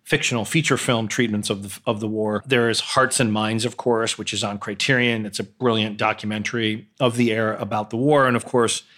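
This podcast host runs through films in a blunt, opinionated solo chat, hesitating often along the way. His lowish, fairly bright voice holds a steady tone and moves fairly quickly, with hardly any pauses.

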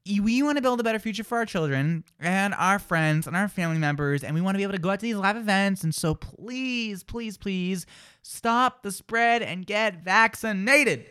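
A man co-hosting a live morning radio show, chatting in an animated, jokey and self-deprecating way. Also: high-pitched, moderate pace, smooth.

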